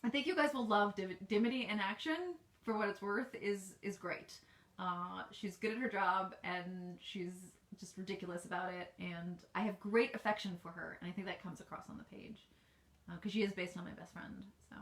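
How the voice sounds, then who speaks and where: A woman's voice: mid-range voice, normal speed, a bit bright. Chatty American woman in an echoey room. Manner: chatty and rambling, many ums and restarts. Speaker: author hosting a live Q&A. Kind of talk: casual livestream Q&A. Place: home office.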